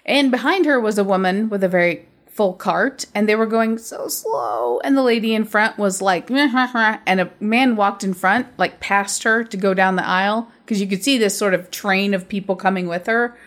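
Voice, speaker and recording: A woman's voice: medium pitch, moderate pace, hardly any pauses. Brief blunt, foul-mouthed woman podcast host, casual storytelling rant, mid-range voice. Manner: blunt, profane ranting storyteller. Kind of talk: casual chat.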